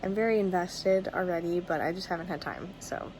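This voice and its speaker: A woman's voice: on the low side, fairly quick, a little mellow, slight background noise. A young woman vlogging about a book in a casual video diary, rambling and gushing with lots of fillers and restarts.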